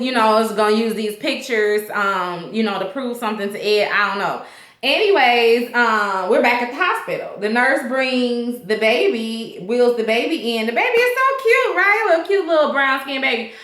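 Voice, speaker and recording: High, bright-voiced woman recapping an episode. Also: normal speed. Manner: animated, slangy storytelling, laughing, acting out characters' lines. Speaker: TV episode reviewer. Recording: echoey room.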